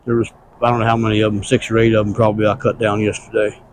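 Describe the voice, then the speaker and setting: A man giving a casual weekly garden update on his homestead, rambling in a relaxed country way outdoors as his wife films. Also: lowish voice, rapid-fire, background noise. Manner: relaxed, rambling country talk with plain grammar. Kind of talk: casual walk-through narration.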